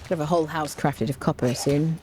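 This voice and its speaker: A woman's voice: sits low, steady tone, fairly quick, a little mellow, a little hiss or hum. Chatty woman streaming a game. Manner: chatty, rambling, lots of fillers and restarts. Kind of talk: casual gameplay commentary.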